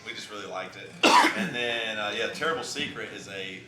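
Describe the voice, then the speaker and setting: A man's voice: animated, normal speed, very noisy. A man, telling rambling, self-mocking stories on a live stage between songs. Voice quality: baritone. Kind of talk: onstage storytelling between songs. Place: live music venue. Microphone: stage vocal mic. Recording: roomy live venue with loud music.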